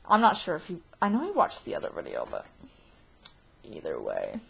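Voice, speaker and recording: Female vlogger, giggly and rambling, husky voice with gravelly fry. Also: a bass voice, huge pitch swings, moderate pace. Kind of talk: casual video diary.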